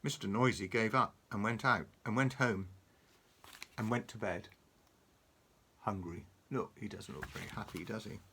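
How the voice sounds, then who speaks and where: A man reading a picture book aloud to a child, animated and chuckling, pointing out the pictures. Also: on the low side, moderate pace, pauses often, a little hiss or hum.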